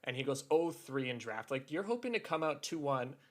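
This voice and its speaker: A man co-hosting a podcast, telling stories in a relaxed casual way with plenty of filler words. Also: medium pitch, fairly quick. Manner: relaxed storytelling, lots of "like" fillers. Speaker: podcast co-host. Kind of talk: casual chat.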